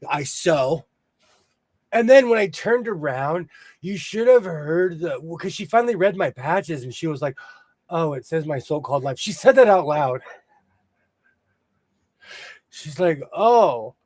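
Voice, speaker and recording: A man hosting a casual sewing show chat, telling jokey stories in an animated way. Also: a little high, moderate pace, dry recording. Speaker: host.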